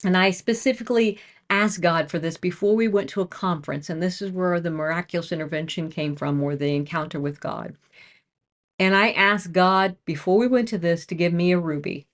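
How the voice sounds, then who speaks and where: A woman telling a personal faith testimony to her own camera, emotional and storytelling, growing excited as she goes. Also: fairly low pitch. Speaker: Christian speaker sharing a testimony.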